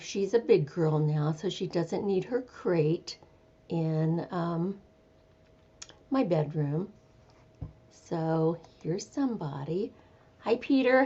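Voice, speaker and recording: Slow, chatty woman hosting a live chat. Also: lowish voice, darkish tone, muffled recording. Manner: chatty, meandering, slow and easygoing. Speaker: live stream host. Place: home.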